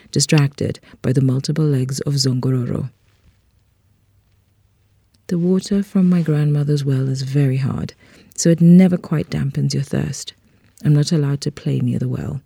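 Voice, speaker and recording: Reader for a literary short story: gravelly, very dark tone, husky edge, dry close mic, measured and unhurried. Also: mid-range voice, no echo.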